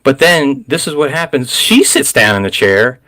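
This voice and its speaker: A man hosting a casual recap chat, rambling, laughing often and getting excited. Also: mid-range voice, moderate pace. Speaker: podcast host.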